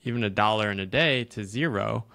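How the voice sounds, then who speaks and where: A man's voice: on the low side, brisk, gravelly, bright, forceful tone, no room sound. A man who writes books, a podcast guest who tells stories and explains ideas at length in casual chat.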